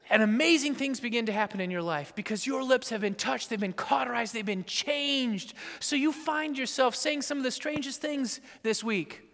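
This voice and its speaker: A man preaching a sermon with great drama, dropping to hushed whispers and rising to shouts. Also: very high-pitched, moderate pace, hardly any pauses. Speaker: pastor. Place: church sanctuary. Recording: long church reverb.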